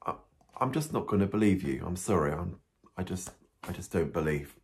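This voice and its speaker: A man's voice: sits low, expressive, fairly quick. A priest voicing a stubborn but apologetic doubting disciple in a children's Bible story, hesitant as he refuses.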